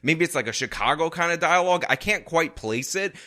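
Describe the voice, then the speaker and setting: Man, casual commentary, sarcastic and mocking, bright voice, lively pitch. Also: a little fast. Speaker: online political commentator.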